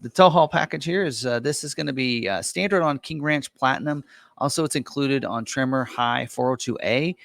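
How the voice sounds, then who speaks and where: A man's voice: mid-range voice, moderate pace, gravelly, a bit bright, dry recording, studio quality. A man casually walking through vehicle options on a screen, talking loosely with many fillers and self-corrections. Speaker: truck ordering guide presenter. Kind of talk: casual walkthrough of an online configurator.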